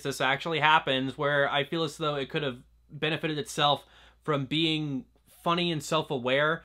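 A man's voice: a little high, bright, forceful tone. A young man casually talking through a film review, chatty and loose, with lots of "like" and restarts. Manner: chatty, fills talk with "like" and restarts. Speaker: movie reviewer.

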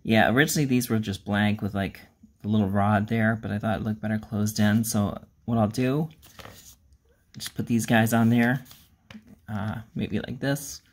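A man's voice: fairly low pitch, fairly even intonation, moderate pace. A man hosting a miniature-painting channel, talking casually in a rambling, self-deprecating way, with plenty of ums and uhs. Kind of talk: casual hobby vlog.

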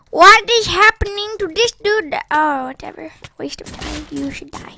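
High bright excitable gamer girl. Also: normal speed, gravelly, hardly any pauses, slight background noise. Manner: excitable trash-talk, frequent giggles. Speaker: gaming channel host. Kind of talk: live gameplay commentary.

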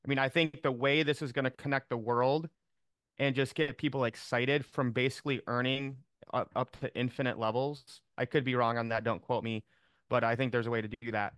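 Upbeat man on a video call, rambling, smooth clear voice, dry sound. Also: mid-range voice, fairly even intonation, fairly quick, a bit bright, dry recording. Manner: upbeat, rambling, many fillers. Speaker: team member on a call. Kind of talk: casual chat on a video call.

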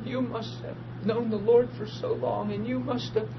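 A man preaching a testimony as a story, excitable, bursting into laughter and shouts. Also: extremely high pitch, normal speed, creaky. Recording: muffled recording with steady hum.

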